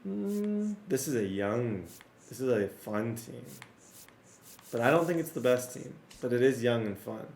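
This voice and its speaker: Excitable male game commentator with a strained, cracking voice and mid pitch; roomy sound. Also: measured pace, vocal fry, a little hiss or hum. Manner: excitable, talks to viewers, rattles off player names. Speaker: gaming YouTuber. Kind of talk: casual gameplay commentary.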